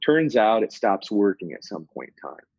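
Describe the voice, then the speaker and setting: Male podcast guest, husky, reflective storyteller, dull dry lo-fi sound. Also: fairly low pitch, big pitch swings, normal speed, darkish tone, no echo. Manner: reflective, storytelling, laughs often, frequent restarts. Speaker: podcast guest, former psychotherapist. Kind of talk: casual conversational interview.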